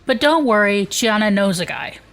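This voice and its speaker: A woman's voice: mid-range voice, expressive, normal speed. A woman co-hosting a podcast, chatting casually, laughing often and reading an episode summary. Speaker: podcast co-host.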